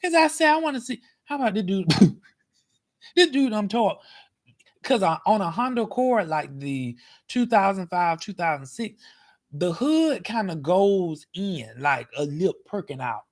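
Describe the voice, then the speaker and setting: Animated man telling a car story. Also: high voice, a little slow. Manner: animated, dramatic, acts out scenes with cries and shouts. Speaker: vlogger. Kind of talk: casual storytelling to camera. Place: parked car.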